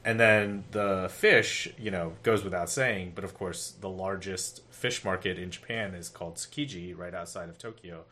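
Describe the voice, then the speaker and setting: A low-voiced man explains things in a casual podcast chat, halting often with fillers. His tone is bright and forward despite the low pitch, with a faint hiss behind him.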